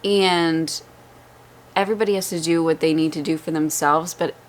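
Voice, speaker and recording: A woman's voice: sits low, moderate pace. A young woman vlogging casually at home, candid and chatty with frequent laughter, sounding exhausted. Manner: chatty and candid, laughs often, rising excitement. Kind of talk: casual chat. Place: at home, indoors. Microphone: vlogging microphone.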